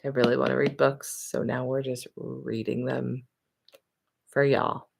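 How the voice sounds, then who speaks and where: A woman's voice: rumbling low, little pitch movement, gravelly, slightly rough. A woman hosting her own vlog, giving herself and her viewers a chatty, emphatic pep talk while recording at her desk. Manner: chatty, self-talking pep talk, drawn-out emphatic words. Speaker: vlog host. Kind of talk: casual motivational vlog talk. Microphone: camera or computer mic at desk.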